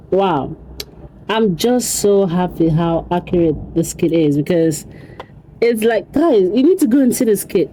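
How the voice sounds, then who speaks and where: A woman vlogger chats casually to her viewers in an animated, exclamatory way, circling back to the same words again and again. Her voice is warm and mellow rather than bright, with a faint hum of noise behind it. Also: medium pitch, poor audio. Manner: animated, repetitive, exclamatory, laughs often. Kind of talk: casual commentary to camera.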